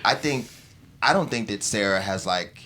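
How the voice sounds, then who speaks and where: A man with a slightly low voice speaks in a thoughtful, measured way during a casual panel chat. Faint background noise sits under his voice. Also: animated, sharp tone. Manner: thoughtful, measured, uses many fillers. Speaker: real estate agent guest.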